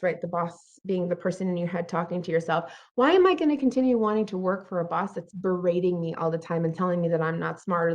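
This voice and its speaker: A woman speaking at a mid pitch in an earnest, encouraging motivational talk, often checking in with a quick "right?" Now and then she jumps up in pitch to act out her inner thoughts. The recording sounds muffled and lo-fi.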